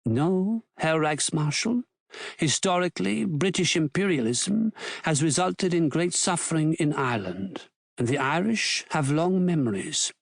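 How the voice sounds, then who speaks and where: A man's voice: a little high, lively intonation, measured pace, gravelly, no room sound, studio quality, full character voice. A man voicing a wary German scholar who answers formally and carefully, with a respectful title each time. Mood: deferential.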